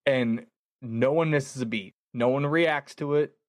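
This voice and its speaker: A man's voice: medium pitch, unhurried, no room sound, clean studio sound. Young man telling a ghost story. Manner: animated storyteller, acts out quoted voices, laughs often. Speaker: podcast guest, ghost hunter. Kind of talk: casual storytelling chat.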